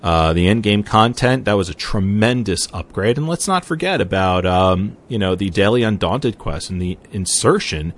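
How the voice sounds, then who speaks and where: A man hosting a gaming podcast, leading the group discussion in an animated way. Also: lowish voice, normal speed, hardly any pauses. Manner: animated, leads the talk. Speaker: podcast host.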